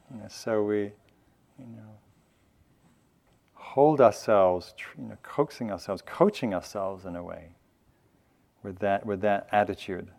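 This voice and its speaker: A man teaching at a meditation retreat, speaking in a gentle, loose, conversational way with light self-mocking humor. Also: lowish voice, slow, vocal fry, long pauses. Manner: loose, with frequent fillers and restarts. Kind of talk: dharma talk at a meditation retreat.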